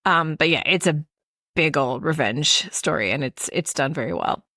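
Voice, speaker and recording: A chatty woman co-hosting a podcast, with a lower voice than most. She rambles through her points with plenty of fillers and laughs easily. The sound is dry and close. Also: normal speed, pushed and bright, dry recording. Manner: chatty, laughs often, asks questions. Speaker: podcast co-host. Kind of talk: casual chat.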